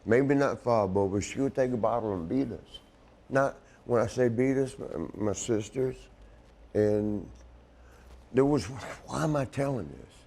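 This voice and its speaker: In a mellow mid-range voice and an unhurried manner, a man appearing on a wrestling show rambles profanely through a painful family story, crying while he talks in emotional storytelling chat.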